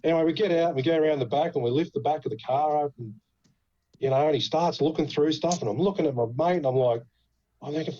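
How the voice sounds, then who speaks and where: A man with an Australian accent, a podcast guest telling an animated story full of swearing. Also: fairly high pitch, fast talker, lo-fi sound. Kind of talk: casual storytelling.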